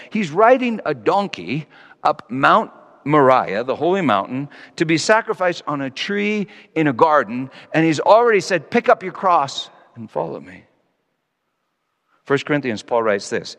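A man preaching a sermon, his slightly high voice rising and falling in a lively way. He reflects as he talks and slows down to stress key phrases. The sound carries a long echo from a large hall. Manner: reflective, wide-ranging pitch, slows for emphasis.

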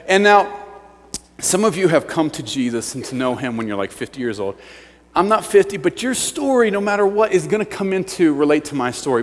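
A youth pastor preaching a sermon, telling stories with animated swings from shouts to hushed words. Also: male voice, high voice, long reverb tail. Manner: animated storytelling, bursts of shouting, then hushed. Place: church sanctuary.

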